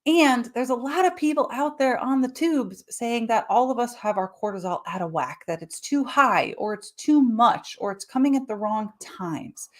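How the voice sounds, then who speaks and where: A woman with a fairly high voice hosts an educational health podcast. Her pitch swings widely as she explains, and she slips into playful mini-voices for her examples. The delivery is chatty and expressive. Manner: animated, acts out little voices for examples. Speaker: podcast host. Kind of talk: live-streamed educational podcast talk.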